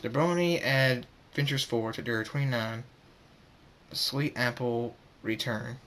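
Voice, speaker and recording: A man reading a fan story aloud, halting and repeating words as he goes. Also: mid-range voice, a bit bright, a little hiss or hum.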